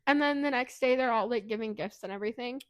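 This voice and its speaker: A woman co-hosting a podcast, chatting through a book's plot in a fairly high voice. She is animated and giggly as she retells it. She slips into a higher voice to act out the characters' lines. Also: quick pace. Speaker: podcast co-host. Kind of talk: casual book recap chat.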